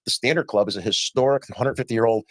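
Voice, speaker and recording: A man's voice: medium pitch, no echo. A man recounting his experiences in an interview, acting out dialogue as he goes. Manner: rapid storytelling with quoted dialogue. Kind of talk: storytelling in a played interview.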